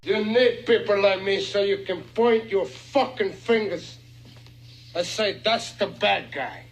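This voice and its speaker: An actor playing a drunk, bitter gangster who sneers slow taunts at people. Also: male voice, high voice, low-quality recording. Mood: sneering. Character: drunk, bitter gangster man calling himself the bad guy.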